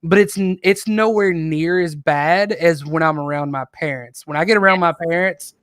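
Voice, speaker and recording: A man's voice: on the high side, moderate pace, no echo. Southern-accented man, dry close sound. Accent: Southern US country. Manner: animated storyteller, laughs often. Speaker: podcast guest. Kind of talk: casual chat.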